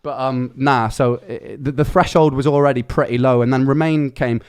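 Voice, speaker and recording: Fast-talking man telling a story. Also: medium pitch, fairly even intonation, darkish tone, clean tone. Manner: fast, chatty, swears freely, slangy. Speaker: streamer. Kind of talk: casual storytelling chat.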